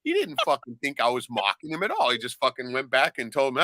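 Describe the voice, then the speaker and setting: A podcast host chats casually at a quick pace, his medium-pitched voice free of echo. He's animated and profane, swearing freely and often laughing as he tells stories.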